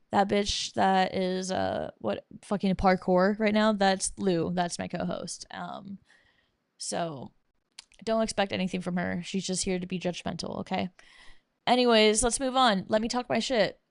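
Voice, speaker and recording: A woman's voice: medium pitch, vocal fry, smooth, no echo, clean studio sound. Blunt, foul-mouthed young woman ranting. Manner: profane, blunt, sarcastic; reading from bullet points. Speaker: podcast host. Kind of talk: casual ranting monologue.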